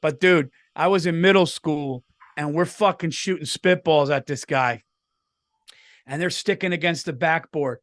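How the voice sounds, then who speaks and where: A man's voice: a little high, a little slow, fairly bright tone, no echo, studio quality. A middle-aged man co-hosting a podcast, telling stories in casual chat, swearing freely and laughing as he talks. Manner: swearing storyteller, laughs through his stories. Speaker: podcast co-host.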